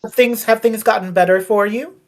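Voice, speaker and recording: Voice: mid-range voice, fairly even intonation, a little fast, voice pushed up, close to an everyday voice. A player doing a fussy British ex-watcher. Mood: flustered. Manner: flustered, fussy, calls people dear. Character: polite former watcher, older British man. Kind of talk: in-character role-play.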